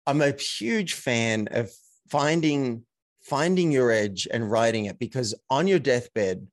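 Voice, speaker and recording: A man, a coach and actor, telling stories as a podcast guest in a measured, reflective way. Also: mid-range voice, lively intonation, dry recording. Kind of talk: casual interview chat.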